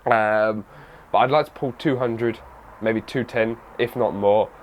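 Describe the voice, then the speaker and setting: A man's voice: fairly low pitch, fairly even intonation, measured pace, dull audio, a little hiss or hum. A young man with a fitness channel, rambling and joking through a casual question-and-answer vlog. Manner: rambling, jokey, says "brother" and "man" a lot. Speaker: fitness YouTuber.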